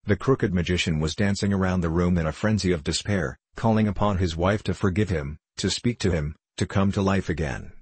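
Low, husky male storyteller. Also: a little fast, hardly any pauses, darkish tone, dry recording. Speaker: audiobook narrator. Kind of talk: storybook narration.

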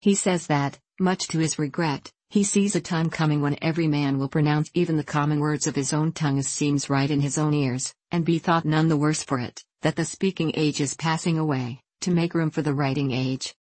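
A woman's voice: low-pitched, steady tone, a little fast, hardly any pauses, darkish tone, no echo. A woman voicing an earnest, impulsive young man in love in a storybook reading. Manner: eager, earnest storybook speech.

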